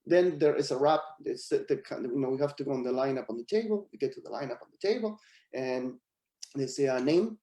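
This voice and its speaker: A man's voice: medium pitch, a little fast, roomy sound. A middle-aged man from Argentina with an Argentine Spanish accent, speaking English as a guest actor in a webinar, telling stories with frequent laughs. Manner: animated anecdotal storyteller, laughs often. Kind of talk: storytelling in a webinar. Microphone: video call.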